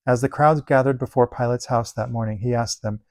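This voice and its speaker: A man reading Bible passages aloud in a steady, measured delivery. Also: mid-range voice, no echo. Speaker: Bible reader.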